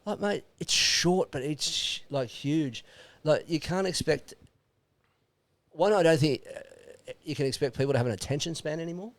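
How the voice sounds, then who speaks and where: A man's voice: fairly high pitch, moderate pace, no room sound. A middle-aged Australian man, a podcast guest, talking bluntly and with plenty of swearing in casual chat. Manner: blunt, animated, swears freely.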